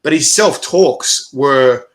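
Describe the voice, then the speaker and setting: A man's voice: mid-range voice, slow pace. A man with an Australian accent hosting a casual chat, rambling with lots of fillers and laughing often. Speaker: host.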